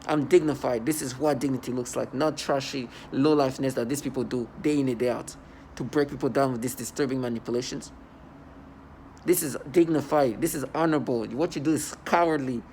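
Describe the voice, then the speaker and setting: A vlogger sits at home ranting angrily to the camera, defiant and scornful, often restarting and repeating himself. His medium-pitched voice is steady, a little fast and a little mellow, with a slight hiss or hum on the recording.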